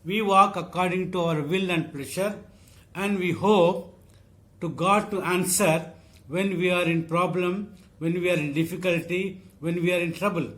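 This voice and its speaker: A man preaching a sermon, reading scripture and repeating phrases slowly for emphasis. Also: sits high, steady tone, fairly bright tone.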